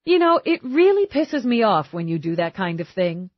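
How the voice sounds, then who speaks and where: A woman's voice: mid-range voice, big pitch swings, moderate pace, dry recording, lo-fi sound, close to an everyday voice. A woman narrator voicing a tough, blunt police lieutenant who speaks brusquely and commandingly. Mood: grumbling. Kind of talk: audiobook narration.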